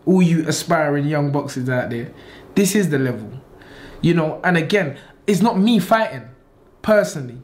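This man's voice runs a little high as he, an English boxing trainer and manager, chats informally in an interview. He's animated, laughs often, and repeats himself to stress what he means.

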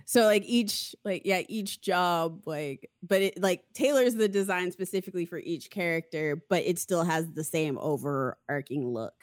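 A woman's voice: fairly low pitch, moderate pace, hardly any pauses, no echo, studio quality. A young woman co-hosting a podcast, chatting casually and rambling with many fillers and frequent laughs. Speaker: podcast co-host. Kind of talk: casual chat.

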